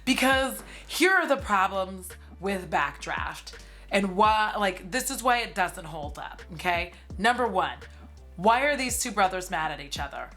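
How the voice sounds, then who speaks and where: A woman's voice: mid-range voice, animated, measured pace, a bit bright, soft background music. A woman in her forties giving a casual, sarcastic movie recap, with lots of "like" and some swearing. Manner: chatty and sarcastic, heavy use of "like", swears freely. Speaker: movie commentary streamer.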